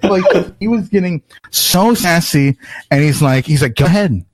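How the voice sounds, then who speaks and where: A man's voice: fairly high pitch, moderate pace, dry recording. A man telling a long story on a podcast in casual, profane talk, acting out what people said. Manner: animated, acts out quotes, swears often.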